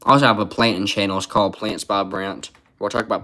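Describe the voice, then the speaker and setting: A man's voice: lowish voice, fairly even intonation, quick pace, fairly bright tone. A man doing casual live-stream sports commentary, rambling and reading chat comments aloud. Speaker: sports livestreamer.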